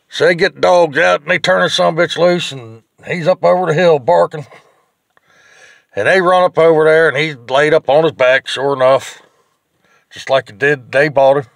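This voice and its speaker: Gravelly man telling a joke. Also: fairly high pitch, moderate pace, fairly bright tone, no echo, studio quality. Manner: rambling folksy delivery with profanity and fillers. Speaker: joke teller.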